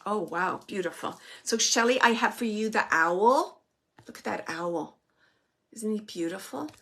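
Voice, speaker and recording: Gentle, reassuring woman giving a reading. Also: medium pitch, animated, a little slow. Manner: gentle, reassuring, with many fillers and restarts. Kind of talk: live online psychic reading. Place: home, with a small dog nearby.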